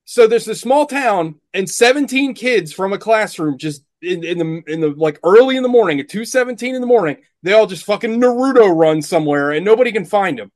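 A high-voiced man rants through a casual podcast chat, swearing often and sounding thoroughly exasperated. The sound is dry and close, with no room around him. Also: lively intonation, fairly quick, few pauses, no room sound. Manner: profane, ranting, exasperated. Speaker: podcast co-host. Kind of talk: casual movie-review chat.

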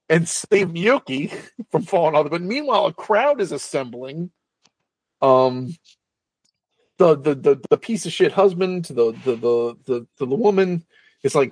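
A man's voice: sits high, husky, no room sound. A man casually recapping a film plot in a rambling, swearing storytelling manner, as a co-host.

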